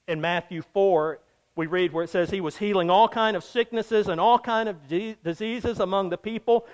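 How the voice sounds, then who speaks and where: High-voiced pastor preaching with dramatic swings. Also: male voice. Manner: dramatic swings from loud urgent lines to hushed low phrases; acts out quoted prayers and disciples' cries. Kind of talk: sermon.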